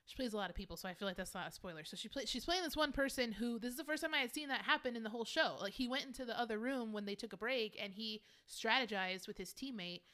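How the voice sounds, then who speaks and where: A woman co-hosting a casual chat, telling an animated story and swearing freely. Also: on the high side, fast, hardly any pauses. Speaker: podcast co-host.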